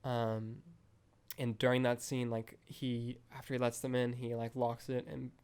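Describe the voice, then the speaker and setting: A young podcast host reviews a film in a casual, rambling chat, constantly dropping "like" and "um." His mid-range voice is smooth and a little slow, and his delivery stays flat and even with little rise or fall.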